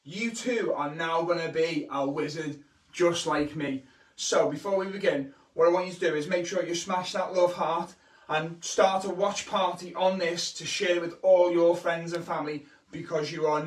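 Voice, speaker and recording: Man, kids' entertainer, playful and over the top, high-pitched, roomy echo. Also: fairly even intonation, moderate pace. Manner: bouncy, exaggerated, playfully teasing the young audience. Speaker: children's entertainer and magician. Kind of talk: live-streamed magic lesson for kids. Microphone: camera held by his wife. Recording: echoey room, voice from the camera's distance.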